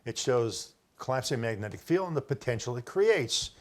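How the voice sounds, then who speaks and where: A man's voice: mid-range voice, animated, moderate pace. An older man giving a rambling solo talk, presenting his own research and often correcting himself as he insists he was first with an idea. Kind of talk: solo lecture to camera, showing book pages.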